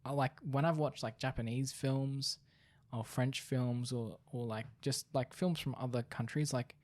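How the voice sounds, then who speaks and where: A man's voice: mid-range voice, fairly even intonation, measured pace, darkish tone, no room sound. Young man, rambling podcast chat. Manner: rambling, thinks aloud with many fillers. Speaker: podcast co-host. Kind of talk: casual chat.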